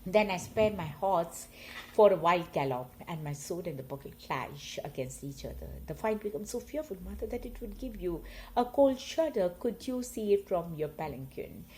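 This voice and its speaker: A woman reading poems aloud, slow and expressive, her loudness swelling and fading with the lines. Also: on the low side, slight background noise, low-quality recording. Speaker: poetry reader. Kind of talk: poetry reading.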